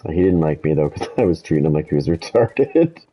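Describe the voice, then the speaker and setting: A man's voice: extremely low pitch, brisk, breathy edge, rough recording. A man telling a rambling story with plenty of swearing while he plays a game, speaking casually to his viewers. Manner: rambling, animated when quoting himself, swears freely. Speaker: gaming streamer. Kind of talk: casual storytelling over gameplay.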